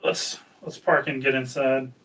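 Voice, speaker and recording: A man's voice: medium pitch, flat delivery, a little slow, a bit bright. Distant casual male player. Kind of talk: tabletop game chat. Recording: distant from the mic.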